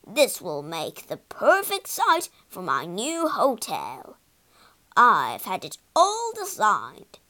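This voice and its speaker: A woman voicing a boastful, booming man in a storybook reading, loud and brash. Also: huge pitch swings, slow, heavily acted. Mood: blustering.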